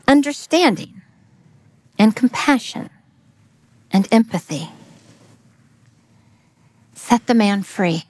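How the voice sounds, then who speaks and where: A woman delivers a devotional message, telling a parable slowly and with a lot of pitch movement. Her voice sits fairly high and she drops into whispers to stress key points. The sound is dry and close. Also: no room sound. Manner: expressive, drops to a whisper for emphasis. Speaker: speaker giving a devotional message. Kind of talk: sermon storytelling.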